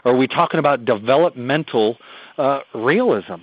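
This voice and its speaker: A man's voice: medium pitch, lively intonation, moderate pace, no room sound. Radio guest, male parenting expert, earnest and emphatic, dull dry radio audio. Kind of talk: radio talk show discussion.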